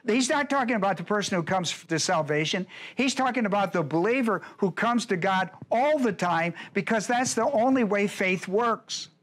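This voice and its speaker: A man's voice: high-pitched, animated, moderate pace, few pauses, fairly bright tone. A male pastor teaching a Bible lesson, emphatic and repetitive, speaking straight to his class. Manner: emphatic, repeats points, addresses the class directly.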